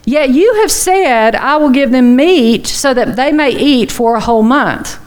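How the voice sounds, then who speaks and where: A woman's voice: high-pitched, expressive, a little slow, voice pushed up. A woman putting on an exasperated old male prophet who whines and pleads in a raised voice. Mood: pleading.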